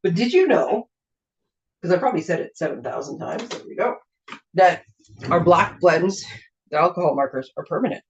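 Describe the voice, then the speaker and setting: Craft host, woman, slightly hoarse and throat-clearing, chatty and rambling, dull lo-fi sound. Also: fairly low pitch, lively intonation, normal speed, long pauses, a little hiss or hum. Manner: chatty, rambling, self-interrupting. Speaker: craft demonstrator and show host. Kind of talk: casual card-making demo. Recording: dull lo-fi recording.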